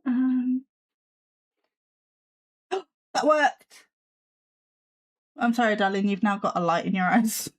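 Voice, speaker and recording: A woman's voice: fairly high pitch, expressive, takes it slowly, long pauses. A woman hosting a casual live stream from her desk at home, chatting with viewers and her cat with a sarcastic, self-mocking humor.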